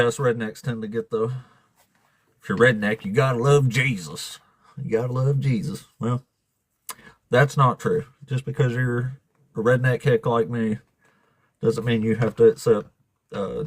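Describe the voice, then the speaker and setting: A man with a Southern Alabama drawl hosts a live stream in a loose, blunt way, cussing without a second thought and laughing between remarks. His voice is medium in pitch and recorded close and dry, with no room sound. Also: steady tone, a little slow, pauses often, slightly rough, no room sound. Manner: blunt, swears freely, laughs often. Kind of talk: casual live-stream chat.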